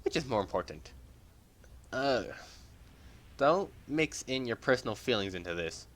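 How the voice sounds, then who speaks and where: A man voicing a haughty young queen who speaks low, stern and clipped. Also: very animated, measured pace, fairly bright tone.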